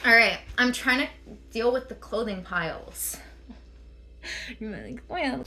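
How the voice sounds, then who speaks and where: A woman's voice: fairly high pitch, expressive, slow pace, vocal fry, pauses often, bright, forceful tone, slight background noise. A young woman chatting casually on a livestream, rambling from one thought to the next, laughing often and swearing freely.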